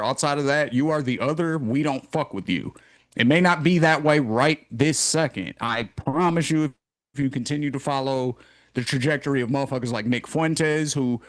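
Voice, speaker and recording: A man hosting a casual podcast chat, ranting in a profane, animated way. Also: on the high side, no room sound. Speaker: podcast host.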